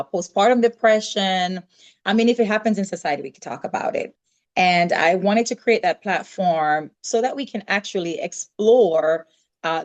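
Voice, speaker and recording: A Jamaican woman telling stories as a guest in an interview, lively and acting out what people said. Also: lowish voice. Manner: lively storytelling, acts out quoted dialogue. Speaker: podcast guest. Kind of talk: casual interview chat.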